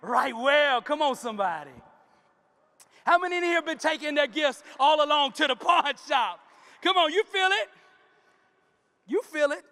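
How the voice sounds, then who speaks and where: A man's voice: very high-pitched, pushed and bright. A man giving a motivational keynote in a preacher-like style, emphatic and calling out to the crowd for responses. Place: large conference hall. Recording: long reverb of a conference hall.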